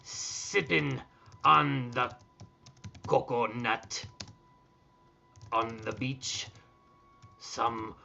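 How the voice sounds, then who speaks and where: A swaggering old-time pirate, as a man puts him on drawls each word slowly and growls his yars. The voice has a gravelly, bright edge. The audio is dull and lo-fi, with faint music underneath. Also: medium pitch, slight background noise, heavily acted. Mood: mock-gallant. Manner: slow drawn-out dictation, growled yars.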